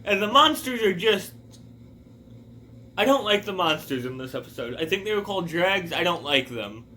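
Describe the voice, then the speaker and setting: A man's voice: high voice, sing-song, moderate pace, sharp tone, slight background noise. A man talking casually in a rambling review, wandering off on tangents. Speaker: video reviewer.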